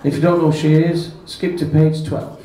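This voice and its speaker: A man's voice: fairly high pitch, moderate pace. Man telling a bawdy spoonerism tale. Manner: deadpan comic narration with self-corrections. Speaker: stand-up comedian. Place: pub. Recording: echoey pub from far off.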